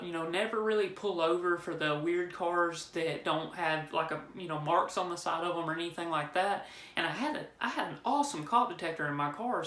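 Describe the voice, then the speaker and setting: A man's voice: high voice, sharp tone. Guy spinning a rambling, jokey story, recorded in an echoey room. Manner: rambling, joking, with frequent restarts. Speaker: vlogger telling a personal story. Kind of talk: casual storytelling. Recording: roomy echo.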